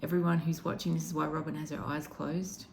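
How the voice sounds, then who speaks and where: Gentle guiding archangel spirit, a woman channeling it, low voice, gravelly fry, soft reassuring delivery. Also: flat delivery, fairly quick, slight background noise. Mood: gently reassuring.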